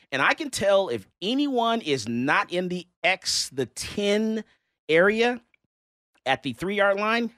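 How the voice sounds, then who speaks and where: A man's voice: fairly high pitch, dry recording, clean studio sound. A man hosting a casual talk show, telling stories with acted-out quotes and frequent laughs. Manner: animated storyteller, acts out quotes, laughs often. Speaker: host and handgun license instructor. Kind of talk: casual talk radio chat.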